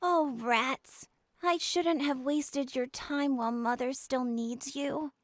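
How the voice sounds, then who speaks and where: A woman's voice: high voice, steady tone, slow, no echo. A woman voicing an earnest, dutiful eleven-year-old girl in a video game. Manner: earnest, then firm and commanding. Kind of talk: game voice acting.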